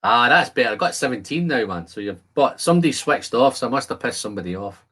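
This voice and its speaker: A man of ordinary pitch hosts a relaxed whisky live stream. He chats easily with his viewers, answers their comments one by one and breaks off to describe the aromas of the dram he is tasting. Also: quick pace, slightly rough. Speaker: whisky channel host. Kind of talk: casual live stream chat.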